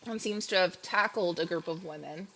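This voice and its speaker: A woman's voice: fairly low pitch, moderate pace, vocal fry, sharp tone, slight background noise. A woman narrating as game master in a casual, chatty way full of fillers.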